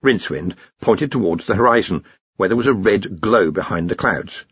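Husky male audiobook narrator, lively intonation, dry and slightly muffled recording. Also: low voice, moderate pace, dry recording. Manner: expressive storytelling. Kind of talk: scripted narration.

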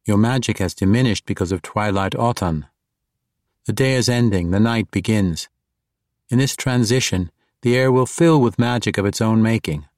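A man voicing a solemn, formal dark elf woman who explains in measured sentences. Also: fairly low pitch, no room sound, clean studio sound, pitched above the performer's own voice, natural voice.

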